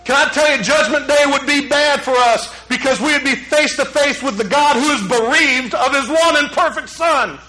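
A man preaching a sermon as a pastor, swinging from loud urgent peaks to hushed low passages. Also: normal speed, few pauses, reverberant, rough recording.

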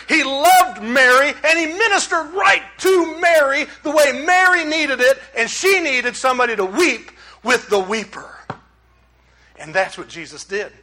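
High, bright-voiced preaching pastor. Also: male voice, rough recording. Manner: conversational, emphatic, rhetorical questions. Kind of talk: sermon.

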